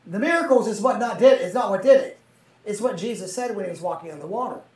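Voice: mid-range voice, animated, quick pace, a little mellow. A Bible teacher reading scripture aloud and explaining it in a conversational way, often checking in with listeners through tag questions. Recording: roomy, mic far from the speaker.

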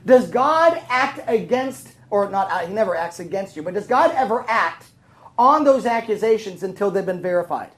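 A woman's voice: mid-range voice, lively intonation, moderate pace, rough recording. Woman teaching a Bible lesson to a room. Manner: conversational, asks the room questions. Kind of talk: sermon.

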